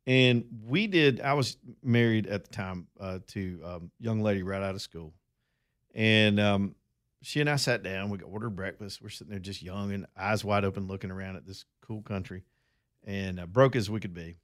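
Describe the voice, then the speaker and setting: A man's voice: lowish voice, normal speed. A middle-aged man from Alabama with a Southern accent, hosting a talk radio show and telling a long story in a folksy, rambling way that addresses his listeners as y'all.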